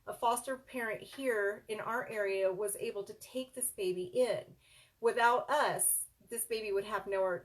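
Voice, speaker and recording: A middle-aged woman, a child care business coach and center owner, earnestly telling a personal story straight to her viewers, calling them "you guys.". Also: medium pitch.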